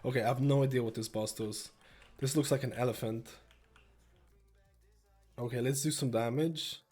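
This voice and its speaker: Young man, a bit stuffy, casual game commentary, mid-pitched voice, excited bursts. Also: normal speed, breathy edge, soft background music. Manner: excited bursts over a steady explaining tone. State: slightly stuffy, a little sick. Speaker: gameplay streamer.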